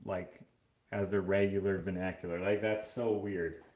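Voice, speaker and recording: A man from Canada chatting casually in a vlog, rambling and halting with many fillers and restarts. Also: deep voice, flat delivery, darkish tone, roomy sound. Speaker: vlogger. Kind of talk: casual chat.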